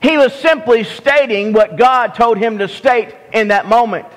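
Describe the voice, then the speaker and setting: A man with a Southern US accent preaching a sermon as pastor, slow and deliberate, often restarting his phrases. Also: very high voice, fairly bright tone. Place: church sanctuary. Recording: long hall reverb.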